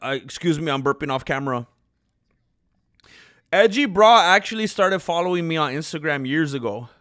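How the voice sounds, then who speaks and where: A man talking casually on his own channel, his voice sitting a little higher than most men's. He rambles and second-guesses himself, full of ums and restarts, while hiccups and burps keep interrupting him. The sound is dry and close, with no room echo. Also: expressive, normal speed, fairly bright tone. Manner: rambling, self-deprecating, many fillers and restarts. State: hiccuping and burping. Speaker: channel host. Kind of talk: casual livestream chat.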